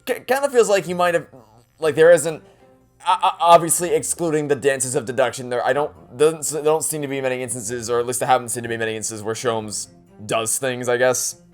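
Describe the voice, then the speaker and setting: A man's voice: medium pitch, fairly quick, faint music behind. A man giving casual let's play commentary, rambling, stammering and self-deprecating.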